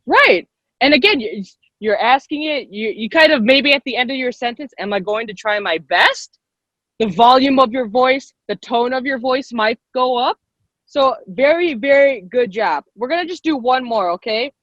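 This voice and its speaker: A woman leading an online public speaking workshop on a video call, lively and quick-talking, encouraging the participants. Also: sits high, no room sound. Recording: dull lo-fi video call audio.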